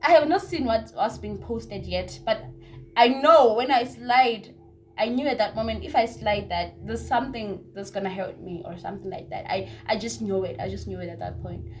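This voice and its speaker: A woman's voice: fairly high pitch, normal speed, soft background music. Chatty woman telling a story. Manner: chatty, repeats words, drops into hushed asides. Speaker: vlogger. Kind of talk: casual story time.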